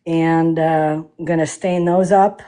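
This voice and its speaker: Low and dark in tone, this woman's voice keeps a fairly even intonation at a measured pace. As a livestream host refinishing furniture, she chats casually while she works, using plenty of fillers and bursting into playful laughter.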